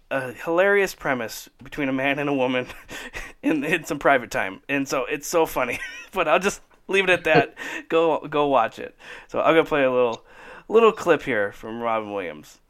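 A man co-hosting a casual chat, excited and laughing often, acting out bits in high voices. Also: moderate pace, clear, resonant tone. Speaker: podcast co-host.

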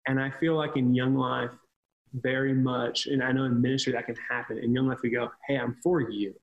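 A man's voice: mid-range voice, flat delivery, a little fast, gravelly, narrow, tinny audio. A man talking casually on a podcast, telling earnest stories about ministry with frequent restarts. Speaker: ministry leader.

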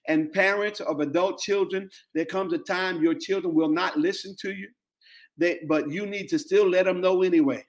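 Middle-aged male pastor, African-American English accent, high-pitched voice, preaching with repetition and call-outs. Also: fairly even intonation, normal speed. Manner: preaching with call-outs to the congregation, repeating phrases for emphasis. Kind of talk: sermon.

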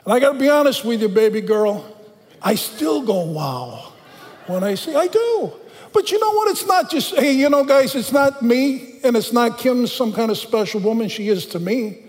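High-voiced pastor preaching in a reverberant hall. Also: male voice, expressive. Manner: conversational preaching, slows for scripture reading. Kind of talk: sermon.

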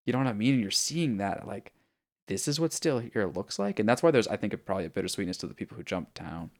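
A podcast co-host with a lowish, expressive voice talks fast as he retells a video game story. It's a casual chat, and he rambles, swears, and uses plenty of fillers.

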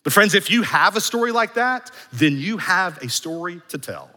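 Man, pastor, sermon, emphatic repeated phrases, forceful bright tone, long church-hall reverb. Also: high voice, sing-song, moderate pace. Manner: emphatic preaching with repeated phrases, swelling louder. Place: church sanctuary.

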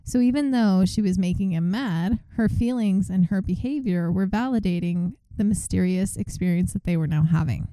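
A woman's voice: medium pitch, normal speed, hardly any pauses, dry recording, poor audio. A woman podcast host casually retelling a story and acting out its quotes. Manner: animated retelling, reenacts quotes.

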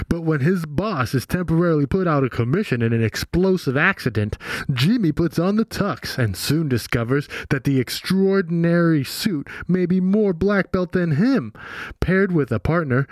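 Podcast co-host, man, a touch high, swears freely, tells stories, recorded dry. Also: no room sound. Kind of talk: casual chat.

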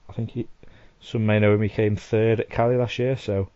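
A man chats as a podcast guest with a dry, self-mocking tone. His voice sits a bit low. The sound is dry and dull. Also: level tone, a little fast, warm tone, clear, resonant tone, no room sound. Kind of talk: casual group chat.

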